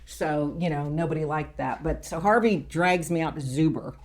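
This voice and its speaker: A middle-aged woman on a political round table, telling a story in a casual, animated way and acting out what people said. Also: sits low, normal speed, noisy background. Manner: animated storyteller who acts out quotes.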